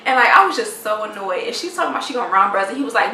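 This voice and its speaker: A woman with a gravelly, edgy voice spins an exasperated tale straight to the camera, acting out everyone involved. Her voice rings through a bare, echoey room, picked up from a few steps away over a faint hiss. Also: mid-range voice, fast talker, hardly any pauses. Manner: animated, exasperated retelling with quoted dialogue. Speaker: vlogger. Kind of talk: casual storytelling to camera. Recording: echoey room, mic at a distance, faint noise.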